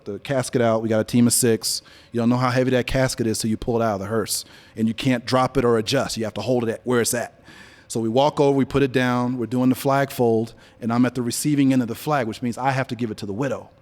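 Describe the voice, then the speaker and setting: A man's voice: medium pitch, fast, few pauses. Man telling stories on stage. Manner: storytelling, animated when quoting others. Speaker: guest speaker, business leader. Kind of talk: live on-stage interview. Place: event venue before an audience.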